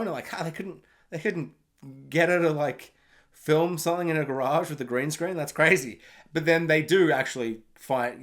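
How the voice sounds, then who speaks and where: A man with a fairly high voice rants his way through a film review. He is sarcastic and mocking, rambling from point to point and swearing freely as he goes. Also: vocal fry.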